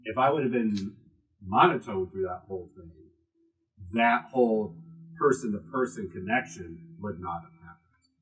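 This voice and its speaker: A man with a slightly low voice lectures a class in a gallery room, swinging his emphasis up and down as he goes. He keeps a loose, conversational tone with plenty of asides to the audience. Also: normal speed, rough recording. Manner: animated, strongly varied emphasis, conversational asides. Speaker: class teacher.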